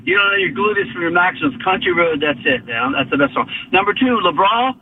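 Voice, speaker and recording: A man calling in to a radio show with a brash, rapid rant. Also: high voice, expressive, a little hiss or hum. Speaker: caller. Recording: phone line.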